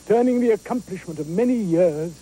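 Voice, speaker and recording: A stately chorus figure declaims verse in a grand, imploring manner. His voice sits fairly high yet sounds very dark and mellow. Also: animated, a little fast, a little hiss or hum, rough recording.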